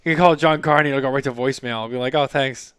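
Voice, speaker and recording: A man in his thirties hosts a relaxed podcast, spinning long, meandering anecdotes peppered with casual profanity. His voice sits at an ordinary middle pitch. The sound is dry and close, with no room around it. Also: racing, clean tone, no room sound. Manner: rambling storyteller, swears freely. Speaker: podcast host. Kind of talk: casual chat.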